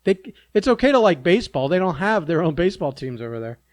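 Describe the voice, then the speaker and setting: A man's voice: a little high, very animated, fast talker, no echo, clean studio sound. A man co-hosting a podcast, chiming in with wry, teasing remarks in casual banter. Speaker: podcast co-host.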